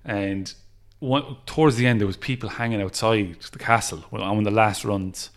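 An Irish man, a music festival promoter, chatting on a podcast and telling lively stories, acting out other people's lines and laughing often. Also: fairly low pitch, moderate pace. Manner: animated storyteller who acts out quotes and laughs often. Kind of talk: casual podcast interview, storytelling.

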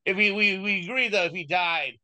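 A man's voice: sits high, a little fast, pushed and bright. A man co-hosting a podcast, chatting casually and agreeing with short replies. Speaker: podcast co-host. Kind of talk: casual chat.

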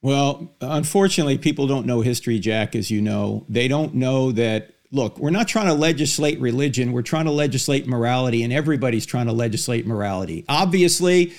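A man's voice: mid-range voice, animated, brisk, few pauses, a little mellow. A man who is an author and apologist, arguing in conversation and throwing out rhetorical questions to the audience. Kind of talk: animated conversational argument.

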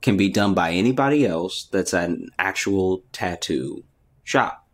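A man's voice: low voice, animated, a little slow. A man co-hosting a podcast, joking and chatting in a laid-back way. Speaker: podcast co-host. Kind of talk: casual podcast chat.

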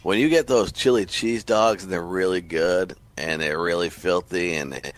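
A man's voice: sits low, normal speed. A man co-hosting a sports radio show, chatting casually and playfully, throwing questions at his partner. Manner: animated, jokey, throws questions.

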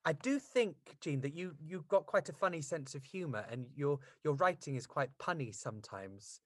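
Gushing, lively male podcast host. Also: a little high, normal speed, no room sound, studio quality. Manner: animated, gushing, theatrical. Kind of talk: casual interview chat.

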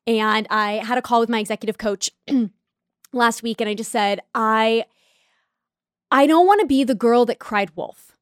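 Chatty, fairly high-voiced woman podcaster. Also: a little slow, dry recording, studio quality. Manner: candid, self-reflective, chatty with frequent asides. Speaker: podcast host. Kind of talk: casual solo podcast monologue.

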